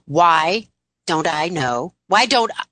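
Brief: inspirational woman host, lowish voice, bright and energetic, close dry mic. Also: slow, no echo. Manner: upbeat, emphatic inspirational delivery. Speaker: radio show host. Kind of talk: radio interview.

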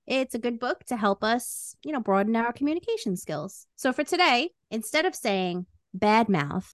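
A woman's voice: fairly high pitch, big pitch swings, moderate pace, hardly any pauses, dry recording, clean studio sound. A young adult woman co-hosting a podcast, playful and jokey in casual chat. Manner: playful, jokey, puts on loud silly voices. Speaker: podcast co-host.

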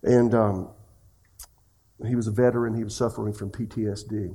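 A man's voice: lowish voice, flat delivery, normal speed, slightly rough. Man preaching a sermon. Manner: swings between loud questions and hushed confessions; asks the congregation direct questions. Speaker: pastor.

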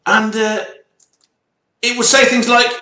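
A man's voice: very high-pitched, flat delivery, slow, pushed and bright. A middle-aged man co-hosting a casual livestream, telling jokey stories and laughing as he goes. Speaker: co-host. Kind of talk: casual banter on a livestream show. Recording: roomy echo.

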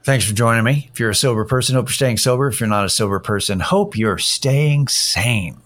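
Recording a casual solo podcast at home in the Austin area, a middle-aged host rants with irritation and plenty of profanity. He talks briskly in a medium-pitched, fairly bright voice.

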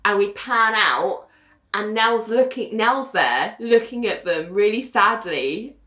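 A woman co-hosting a casual chat, recapping a TV episode and swearing freely, and she acts out the characters' lines in quick voices. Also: medium pitch, sharp tone, echoey room. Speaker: podcast co-host recapping a TV episode.

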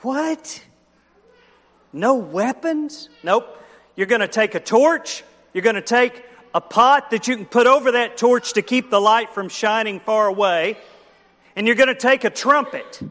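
A man's voice: high-pitched, normal speed, pushed and bright. A man preaching a children's sermon, telling a story with animation, acting out the characters and asking the listeners questions. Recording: long hall reverb.

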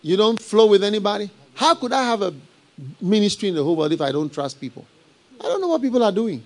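Middle-aged male pastor, live sermon delivery, animated and playful, a slightly higher voice. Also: quick pace. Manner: animated, rhetorical questions to the congregation, frequent laughs.

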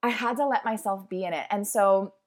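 A woman's voice: mid-range voice, brisk. Candid chatty woman podcaster in her thirties. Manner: candid, emotional, chatty with many "like"s. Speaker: podcast host. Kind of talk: casual personal podcast monologue.

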